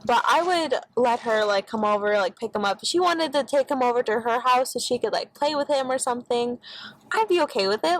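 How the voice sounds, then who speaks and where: Young woman, high-pitched, loose rambling vlog talk full of fillers and swearing, recorded on a phone. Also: lively intonation, brisk, no room sound, low-quality recording. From Texas. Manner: rambling, lots of "like" fillers, swears freely when annoyed. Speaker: vlogger. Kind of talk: casual vlog chat. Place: in and around her car, partly outdoors. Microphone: phone camera set down nearby.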